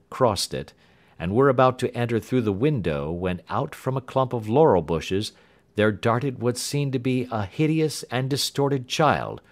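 Low, lively male audiobook narrator.

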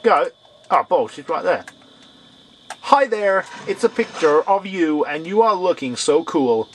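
A man's voice: fairly high pitch, animated, unhurried, a little hiss or hum. A man commentating a horror game, sarcastic and shrieking when startled. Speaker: let's play gamer.

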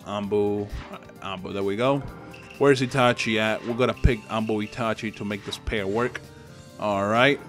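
A man's voice: medium pitch, a bit bright. A young man with a Spanish accent giving loose, profane, trash-talking commentary while he plays a fighting game online. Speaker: gaming channel host. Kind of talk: live gameplay commentary.

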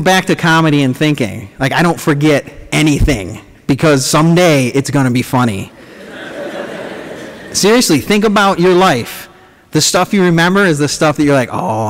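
A man giving a comedic, sarcastic lecture to students as a professor, animated and teasing the audience. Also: medium pitch. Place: large lecture auditorium. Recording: echoey hall recording, faint room noise.

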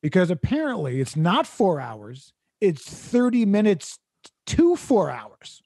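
A man's voice: high voice, wildly swooping pitch, slow, vocal fry, a little mellow, no room sound, clean studio sound. A man hosting a comedy podcast, telling a rambling, exasperated story with laughs mixed into his sentences.

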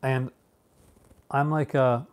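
A man's voice: medium pitch, little pitch movement, slow. A Canadian man in his thirties chatting casually with viewers about films, rambling with many restarts, fillers and frequent laughs. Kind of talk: casual chat, answering viewers.

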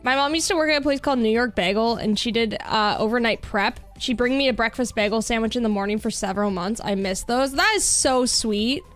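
A woman's voice: fairly high pitch, brisk, hardly any pauses, soft background music. Chatty Canadian woman streamer. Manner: chatty, reads chat aloud, laughs easily. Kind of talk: casual chat while gaming.

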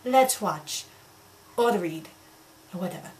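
A woman's voice: medium pitch, expressive, slow, a little mellow. Sarcastic woman reviewing fanfiction. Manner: sarcastic, exasperated asides.

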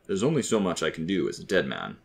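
A man voicing the calm, dry-humored ghost of an older father in a storybook reading. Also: low voice, fast talker, vocal fry, full character voice. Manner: dry, matter-of-fact, soft.

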